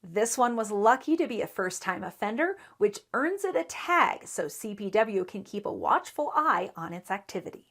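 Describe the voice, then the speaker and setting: A woman reporter narrates a local news segment in a steady, measured way. Her voice sits in an ordinary middle pitch and keeps a scripted newsreader cadence throughout. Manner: measured, even newsreader delivery.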